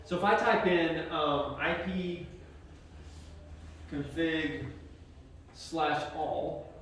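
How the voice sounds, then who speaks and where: A male teacher giving a relaxed classroom lecture, stopping often for ums and uhs. His voice is picked up from across a very echoey room by a distant microphone, with faint room noise behind him. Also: on the high side, very slow. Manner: casual and conversational, with many fillers. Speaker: computer science teacher.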